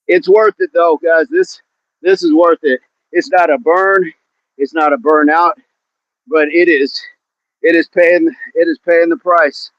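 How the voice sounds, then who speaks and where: A fairly high-voiced man, winded from exercise, hosting a live workout outdoors and calling out to chat viewers between reps. The sound is dull, lo-fi phone audio from a handset propped against a tree. He keeps his talk casual and encouraging. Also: no echo. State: out of breath. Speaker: fitness livestream host. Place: outdoors at the bottom of a hill under a tree.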